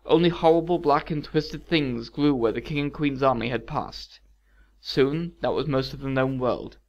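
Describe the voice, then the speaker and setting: A man reading a dark fairy tale aloud in a measured, expressive way as a storyteller. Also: medium pitch, dull audio. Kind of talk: scripted fairy-tale narration.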